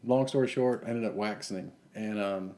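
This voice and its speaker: Low mellow-voiced man telling golf stories. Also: fairly quick. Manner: rambling anecdotes, acting out quotes. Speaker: podcast co-host. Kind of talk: casual storytelling chat.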